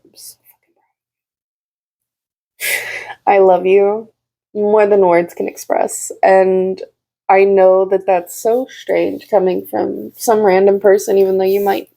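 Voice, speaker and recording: A woman in her own room giving a casual, heartfelt channeled message to her viewers as a tarot reader, with lots of fillers and soft giggles. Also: mid-range voice, gravelly.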